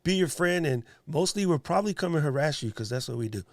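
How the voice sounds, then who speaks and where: Gravelly joking man from New York. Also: on the high side, fast talker, no echo. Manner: animated, joking, talks to viewers and chat. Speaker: livestream host. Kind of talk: casual livestream chat.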